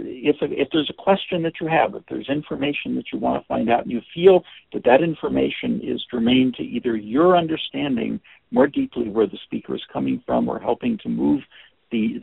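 A man giving an informal lesson on listening in a gentle, hesitant way, with many restarts and fillers. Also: medium pitch, creaky, husky, no echo. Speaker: teacher of listening skills. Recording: dry, phone-like narrow sound.

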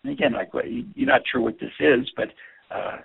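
A man's voice: mid-range voice, a little fast, gravelly, slightly rough. A man giving an earnest instructional talk on communication, often repeating words as he stresses his points. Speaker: communication teacher. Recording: tinny phone-like audio.

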